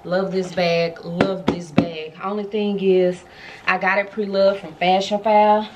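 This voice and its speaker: The voice is low and unhurried with a flat delivery, set against background noise. A woman vlogging from her home bedroom chats with her viewers, speaking straight to them with slang and exclamations while slightly out of breath.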